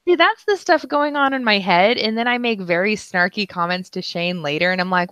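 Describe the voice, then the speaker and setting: A woman's voice: mid-range voice, a little fast, fairly bright tone, clean tone, dry recording. Giggly, self-deprecating young woman. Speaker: podcast co-host. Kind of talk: casual chat.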